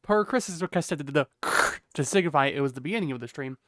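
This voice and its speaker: A man's voice: a little high, lively intonation, very fast, no room sound, clean studio sound. A man hosting a tabletop game stream in casual, wry talk, swearing now and then. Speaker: stream host. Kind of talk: casual gaming-stream chat.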